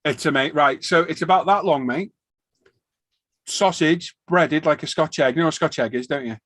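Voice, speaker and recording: A man tells lively anecdotes on a live stream, bouncing between voices as he acts out scenes at a petrol station counter. his voice sits a little high for a man, and the sound is dry and close, with no room echo. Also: moderate pace. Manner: animated storyteller acting out shop exchanges. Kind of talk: casual chat.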